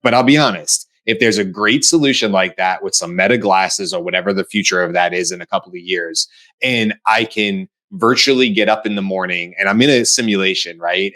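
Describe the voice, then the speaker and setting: A middle-aged man from the United States speaks with a low voice as a show co-host. His talk is casual and animated, full of restarts and acted-out bits of dialogue. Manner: animated, acts out quoted voices. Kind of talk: casual panel discussion.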